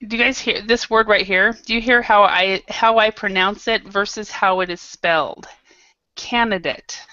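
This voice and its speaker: A woman's voice: medium pitch, steady tone, normal speed, pushed and bright, no echo. A woman teaching an online English class, patiently modelling pronunciation over a video call. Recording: dull lo-fi video call audio.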